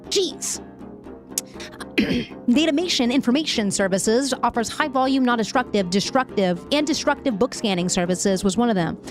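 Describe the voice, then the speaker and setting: A woman's voice: fairly high pitch, animated, normal speed, soft background music. A woman streamer reading news aloud, reacting emotionally and chatting with viewers in a casual live-stream. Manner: emotional, frequently laughing and venting; reads articles aloud with asides.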